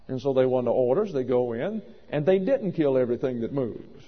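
A man's voice: medium pitch, sing-song, brisk, hardly any pauses. A man preaching a sermon in an emphatic, wry manner, sometimes stopping to correct himself. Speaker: pastor. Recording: lo-fi recording in a reverberant hall.

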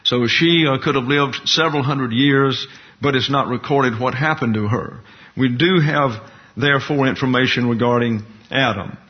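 A man gives a Bible lesson in a methodical, explanatory way, walking through words letter by letter. His voice sits at an ordinary middle pitch. The recording is dull and lo-fi. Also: moderate pace. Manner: methodical, spells out Hebrew letters. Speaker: Bible teacher. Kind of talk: Bible class lecture at a board.

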